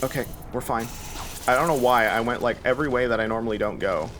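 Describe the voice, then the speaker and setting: A man's voice: medium pitch, fast talker, a bit bright, slight background noise. A young man giving rambling, panicky commentary while playing a video game, talking to himself. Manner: panicky, rambling, self-talking with nervous laughs. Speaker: gaming YouTuber. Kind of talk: live gameplay commentary.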